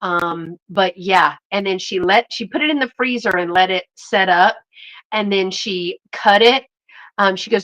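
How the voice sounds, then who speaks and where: A woman's voice: mid-range voice, moderate pace, a bit bright, poor audio. A woman hosting a live online sale, chatting in a folksy way and greeting viewers by name. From Texas.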